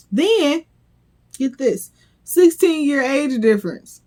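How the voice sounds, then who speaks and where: A woman's voice: on the high side, sing-song, slow, mellow. Sassy blunt woman recapping reality TV. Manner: sassy, blunt, profane, incredulous. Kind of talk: casual commentary vlog.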